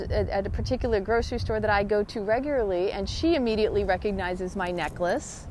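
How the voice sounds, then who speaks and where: Woman host, gentle earnest self-help monologue recorded outdoors on a trail, faint traffic behind, mid pitch. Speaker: podcast host. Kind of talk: casual reflective monologue.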